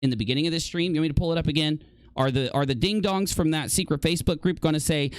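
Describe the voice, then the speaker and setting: This commentary-channel host has a voice on the high side and is recorded with no room sound. He plays clips and rails against them sarcastically and indignantly, peppering them with rapid-fire questions.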